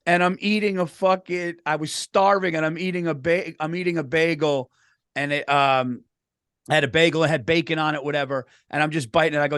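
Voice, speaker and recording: A middle-aged man co-hosting a podcast, telling stories in an animated, profane way and saying "dude" a lot. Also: sits high, moderate pace, no room sound, studio quality. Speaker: podcast co-host. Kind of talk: casual comedic storytelling.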